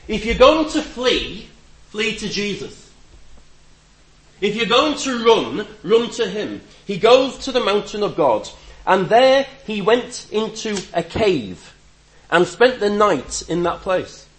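A male preacher gives a reflective, conversational sermon with gentle humor. His voice is fairly high and swings widely in pitch, and the sound carries a roomy echo. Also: very animated, slow. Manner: reflective, rises and drops for emphasis, gentle humor.

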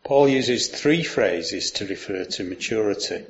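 A man preaching a sermon, explaining and reading scripture aloud in a measured way. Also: lowish voice, animated, a little mellow, lo-fi sound, a little hiss or hum.

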